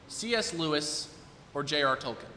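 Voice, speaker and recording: A man's voice: a little high, lively intonation, moderate pace, bright, forceful tone. A man in his twenties, a performer at his recital, chatting casually with the audience and thinking aloud as he goes. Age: 20s. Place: recital hall. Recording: long hall reverb, faint noise.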